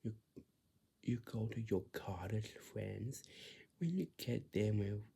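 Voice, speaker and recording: A man with a low, heavily gravelly voice talks through casual advice in a monologue. His tone is dark and mellow, and he keeps repeating himself, dropping to hushed whispers before jumping to loud, emphatic bursts. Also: expressive, slow pace.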